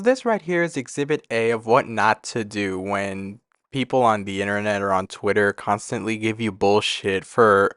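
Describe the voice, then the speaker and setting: A man's voice: mid-range voice, no room sound, studio quality. A man giving casual, blunt, profanity-heavy commentary on streamer drama. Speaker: commentary YouTuber.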